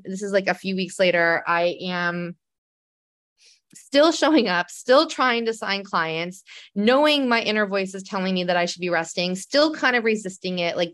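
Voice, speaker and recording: A woman's voice: medium pitch, dry recording, clean studio sound. A young adult woman, a coach and podcast host, telling a personal story in a candid, rambling way with many fillers.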